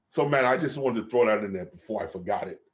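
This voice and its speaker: A man's voice: on the low side, lively intonation, fast, highs cut off. A man, a former college basketball player, telling stories on a podcast video call, laughing often and acting out his coaches. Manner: laughs often, acts out coaches' voices with energy. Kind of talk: casual storytelling on a video call.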